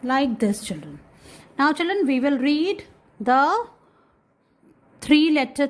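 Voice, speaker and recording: A woman with a fairly high voice leads a kindergarten lesson. She draws out each letter sound slowly and keeps repeating words. She calls out to the children often, guiding them step by step. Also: rough recording. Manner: slow, drawn-out phonics sounds. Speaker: kindergarten teacher. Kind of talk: classroom lesson.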